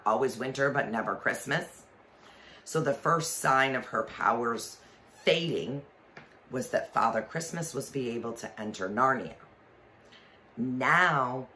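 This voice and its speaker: A man reading a children's storybook aloud with expression, pausing to explain the story to listeners. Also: medium pitch, bright, forceful tone, a little hiss or hum. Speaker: reader.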